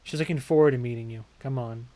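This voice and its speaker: A man's voice: medium pitch, fast, warm tone, pitched below the performer's own voice, natural voice. A man voicing a laid-back, friendly young male raccoon detective in a game. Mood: easygoing.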